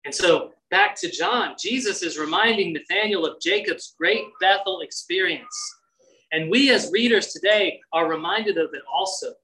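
Bright-voiced emphatic preacher. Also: mid-range voice, moderate pace, rough recording. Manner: emphatic, repeats key phrases for stress. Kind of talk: sermon, Bible teaching.

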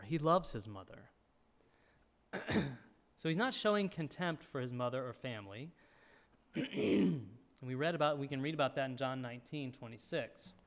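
A man preaching a sermon, teaching from scripture and reading the verses aloud in an expressive way. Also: a little high. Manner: expressive preaching, reads scripture aloud, frequent throat clearing. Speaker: pastor.

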